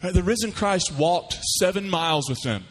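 Folksy pastor in a reverberant church. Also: male voice, sits high, normal speed, slightly rough. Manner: folksy storytelling with lively voiced asides. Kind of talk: sermon.

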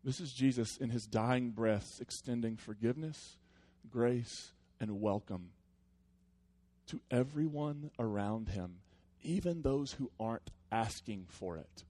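A man's voice: mid-range voice, measured pace. Earnest man preaching a conversational sermon. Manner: conversational, earnest, with soft reflective passages. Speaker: pastor.

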